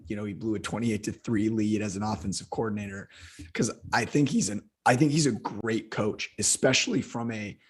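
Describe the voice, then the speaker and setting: A man with a hoarse, husky voice co-hosts a casual football podcast. He rants heatedly and swears freely as he breaks down a game. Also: fairly low pitch. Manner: heated, profane ranting. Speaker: football analyst co-host.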